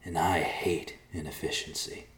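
A man voicing a menacing messenger who threatens slowly and coldly. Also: very deep voice, fairly even intonation, reverberant. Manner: threatening, slow, clipped. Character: menacing male messenger, cold killer.

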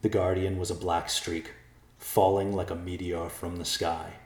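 A man narrating a storybook in a measured, dramatic way. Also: sits low, flat delivery, roomy sound.

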